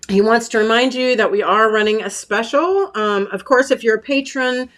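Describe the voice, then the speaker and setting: Hosting a casual craft stream live, an American woman chats with her audience, reads comments, and tosses in warm asides full of fillers. She has a fairly high voice at normal speed, with a catch in her throat that she clears often.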